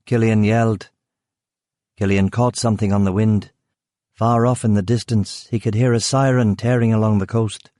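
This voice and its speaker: A man reads a crime thriller in a measured, unhurried way. His voice sits low and mellow, with a dark tone. The recording is close and dry, with no room sound. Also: fairly even intonation, no room sound. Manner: measured, dry delivery, voicing characters. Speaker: audiobook narrator. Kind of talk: scripted narration.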